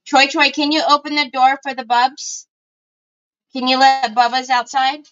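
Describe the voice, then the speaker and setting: A woman's voice: high voice, fairly even intonation, measured pace, a bit bright, clean tone, dull audio. A woman hosting a casual crafting livestream, chatting to viewers and calling out to her family as she works. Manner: chatty, breaks off to call to family.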